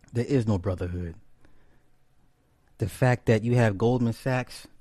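A man giving casual online commentary in an animated, profane way, repeating lines for emphasis. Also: on the low side, no room sound.

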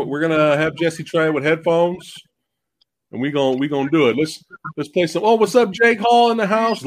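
A man in his forties hosting a casual livestream, talking to chat and laughing often, on a headset mic. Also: on the high side. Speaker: host. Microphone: headphones or earbuds mic.

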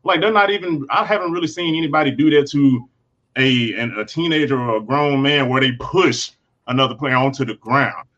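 A man with a bright, forward voice gives his view as a panelist in a casual online discussion. His audio sounds dull and lo-fi, and he explains his points earnestly. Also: mid-range voice, brisk.

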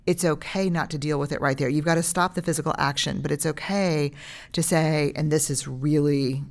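Low-voiced woman in casual chat. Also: moderate pace. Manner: animated, acts out what she says to children. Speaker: podcast guest.

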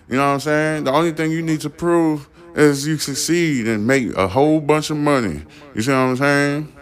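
A man's voice: mid-range voice, fairly bright tone, clear, resonant tone. A man from the Caribbean with family from Haiti, giving a blunt, profane podcast commentary as host.

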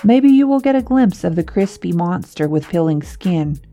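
A woman reading a scripted narration of local legends in a measured, even tone with light wry asides. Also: on the low side, faint music behind.

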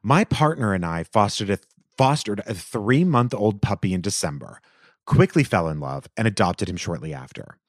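A podcast host, a man, reads a listener's letter aloud with plenty of expression and quick asides. His voice sits on the low side but swings widely in pitch, and the recording is dry and close with no room sound. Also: no room sound. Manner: animated, expressive reading with asides.

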